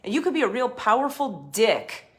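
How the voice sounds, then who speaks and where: A woman hosting a casual spiritual talk, passionate and blunt, swearing freely and swinging between emphatic points and softer asides. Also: fairly high pitch, sing-song, normal speed. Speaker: spiritual advice host.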